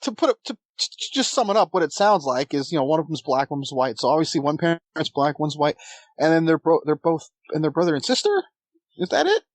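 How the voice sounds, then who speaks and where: Wry male podcast co-host, slightly high voice. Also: animated, a little fast, no echo. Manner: wry, dry quips and interjections. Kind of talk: casual podcast review chat.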